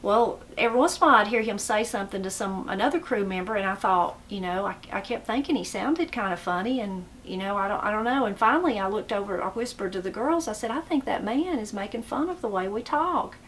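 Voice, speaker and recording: Appalachian woman, middle-aged, folksy rambling storyteller, faint rumble behind. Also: fast, few pauses. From western North Carolina mountains. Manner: folksy, rambling, animated when quoting. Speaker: blogger telling stories. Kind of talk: casual storytelling.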